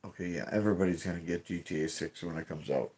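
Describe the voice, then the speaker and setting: A man's voice: low voice, steady tone, fast, darkish tone, slightly rough. A man streaming from home, chatting casually and rambling, swearing often and restarting his sentences. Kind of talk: casual live-stream chat.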